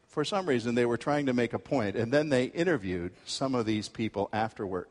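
A male pastor preaching a sermon, telling a story with lively acted-out quotes. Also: medium pitch, brisk, big-room sound. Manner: animated storytelling, acts out quoted voices.

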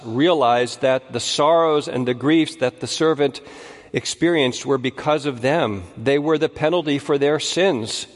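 Slow, deliberate preacher in a reverberant hall. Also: male voice, medium pitch. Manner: deliberate, rising to emphatic scripture reading. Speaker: pastor. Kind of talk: sermon. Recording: long reverb of a large hall.

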